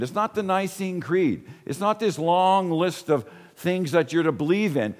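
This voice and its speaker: A man's voice: high voice, long reverb tail. A man preaching a sermon as a pastor, earnest and asking the congregation rhetorical questions.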